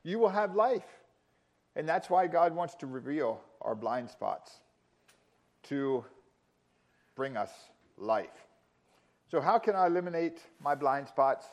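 A man preaching a sermon, emphatic, with dramatic pauses and rising intensity in quoted lines. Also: medium pitch, lively intonation. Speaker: pastor.

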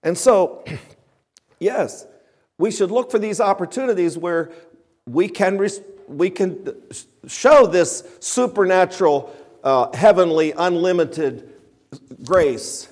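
A man's voice: high voice, expressive, takes it slowly, long pauses, a little mellow. A man preaching a sermon with emphatic, rising and falling delivery. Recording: long reverb of a hall.

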